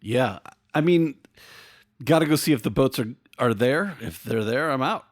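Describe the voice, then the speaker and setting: A man's voice: mid-range voice, lively intonation, normal speed. Casual man playing at a tabletop game. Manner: rambling, full of fillers like "you know, like". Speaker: player.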